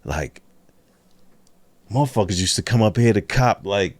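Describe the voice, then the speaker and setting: Animated storytelling man, lively pitch. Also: moderate pace, no room sound. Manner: animated, profane, acts out voices in anecdotes. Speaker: guest. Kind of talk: casual storytelling.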